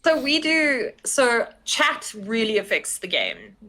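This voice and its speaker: Bright-voiced woman, animated. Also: fairly high pitch, slow. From South Africa. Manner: animated and rambling, many "like"s, laughs at herself. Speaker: podcast guest, game master. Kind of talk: casual interview chat.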